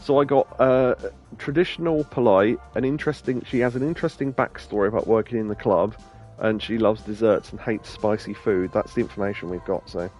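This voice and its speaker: A man's voice: fairly low pitch, fairly quick, darkish tone. A man with an English accent giving casual, rambling game commentary as a let's play host, laughing often. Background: game music.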